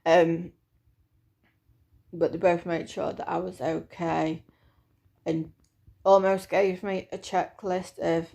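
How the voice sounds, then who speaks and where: A woman's voice: fairly low pitch, level tone, takes it slowly, vocal fry, long pauses, warm tone. A woman in her thirties giving a chatty, hesitant personal vlog update with lots of fillers. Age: 30s. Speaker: vlogger.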